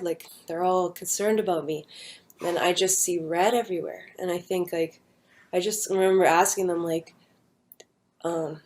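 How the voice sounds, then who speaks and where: A young woman casually recounting a personal near-death story, rambling with many fillers and an earnest, hushed manner. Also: fairly low pitch, steady tone, normal speed.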